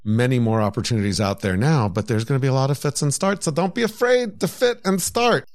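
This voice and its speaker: An upbeat man co-hosting a podcast, chatting casually in an average-pitched voice. He reads news items and stresses his points with emphatic rises. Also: a little fast. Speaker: podcast co-host.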